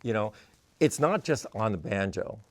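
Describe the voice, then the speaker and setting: A man's voice: fairly low pitch, animated, moderate pace, dry recording. A man, a musician guest in an interview, telling stories in a rambling way with many "you know" fillers. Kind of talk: casual interview storytelling.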